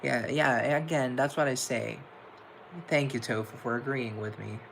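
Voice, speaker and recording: Young male streamer, mid-pitched and a bit gravelly, chatty and campy as he reads out viewer comments. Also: fairly even intonation, measured pace, fairly bright tone, a little hiss or hum, poor audio. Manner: chatty, playful and campy, with pet names for viewers. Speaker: livestream host. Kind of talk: casual chat reading viewer comments.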